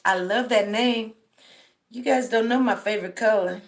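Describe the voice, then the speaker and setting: A woman's voice: fairly high pitch, moderate pace. A middle-aged woman from Denver, tired, hosting a casual livestream and greeting viewers by name. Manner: greets viewers by name, drawls friendly shout-outs. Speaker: livestream host. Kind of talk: casual livestream roll call.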